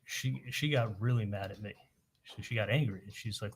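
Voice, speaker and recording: A man on the witness stand, recounting events haltingly and quoting the dialogue in detail. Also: on the low side, a little hiss or hum. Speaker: witness testifying at a trial. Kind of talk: courtroom testimony.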